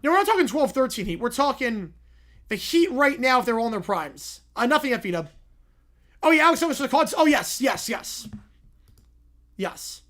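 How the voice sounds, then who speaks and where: A young man hosting a casual livestream, answering viewer questions with quick reactions and frequent "yeah"s. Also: very high-pitched, big pitch swings, bright, forceful tone. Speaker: livestream host reading chat.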